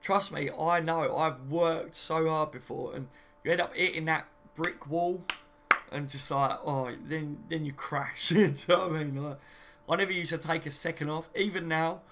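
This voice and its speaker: A man's voice: on the high side, steady tone, normal speed, background noise. A young man hosting a casual live stream from home, reading viewer comments and laughing often. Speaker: fan channel host.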